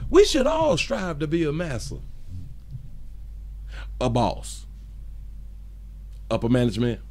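A man's voice: fairly high pitch, vocal fry, darkish tone. A man hosting a casual live stream, reading viewer comments aloud and joking with a frequent chuckle. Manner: chuckles often, loose and joking.

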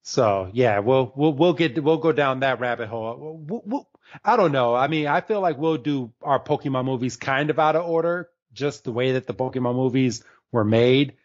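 A man's voice: mid-range voice, normal speed. A man co-hosting a casual podcast, rambling with lots of fillers and restarts and laughing often. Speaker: podcast co-host. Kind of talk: casual chat recapping an episode. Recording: slightly dull lo-fi audio.

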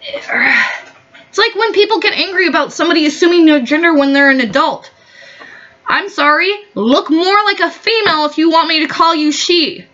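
A woman's voice: very high-pitched, moderate pace, sharp tone, muffled recording. A woman vlogger in a heated, profane, rambling opinion rant.

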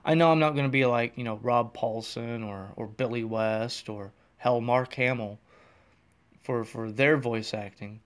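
A man hosts his own casual podcast from his car, talking with no script. He rambles, trips over his words and pokes fun at himself, and his voice sits at an ordinary middle pitch. His delivery gets excitable in places. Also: unhurried, smooth. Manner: rambling, self-deprecating, excitable. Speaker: podcast host. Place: in a car on the road.

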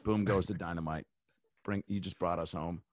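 In a casual podcast chat, a male comedian guest rambles through comic riffs, swearing often and leaning on fillers. His voice is low and steady at a normal speed. There's no room sound, and the audio is studio quality.

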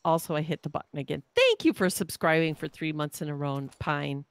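A young woman with a low voice talks a little fast while streaming a survival game, chatting casually, thinking aloud as she builds, and thanking viewers in chat. The recording has no room sound.

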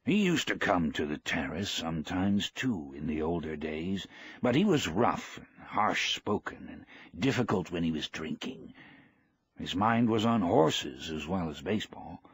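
A man reading the part of an elderly, proud, gentle fisherman, speaking plainly and quietly. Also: sits low, expressive, measured pace, slightly rough, full character voice.

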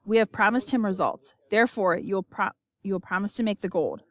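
A woman's voice: mid-range voice, brisk, dry recording, lightly acted. A woman reading an audiobook, voicing a greedy, scheming old male miller with a menacing, commanding manner.

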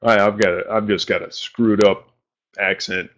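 A man's voice: lowish voice, level tone, normal speed, fairly bright tone, a little hiss or hum. A man from New England hosting a live-stream show, talking informally with mild slang and self-deprecating asides, at his home desk. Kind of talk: casual live-stream chat. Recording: dull lo-fi stream audio.

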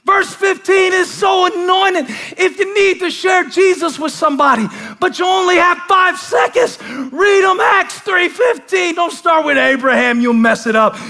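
A male pastor with a high, bright, ringing voice preaches in a large church auditorium. He starts in a hushed tone and builds to shouting, hammering each point by repeating it. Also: unhurried, few pauses. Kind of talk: sermon.

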